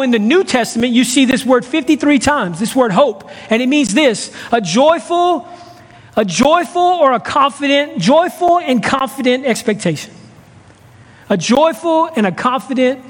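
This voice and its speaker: High-voiced male pastor in an echoing hall. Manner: lively, conversational, repeats key phrases. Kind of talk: sermon. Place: church sanctuary.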